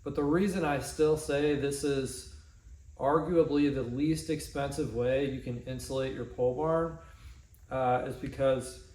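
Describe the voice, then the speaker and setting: A man casually walking through his own barn insulation project, talking in a relaxed, rambling way with frequent ums and restarts. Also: mid-range voice. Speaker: DIY vlogger. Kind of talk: casual walkthrough narration. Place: pole barn workshop.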